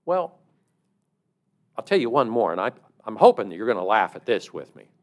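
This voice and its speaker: A man's voice: on the low side, sing-song, moderate pace. Middle-aged guy preaching, talks like he's telling a story, leans hard on words, voice jumps around a lot. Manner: conversational storytelling with emphatic stresses. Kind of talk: sermon.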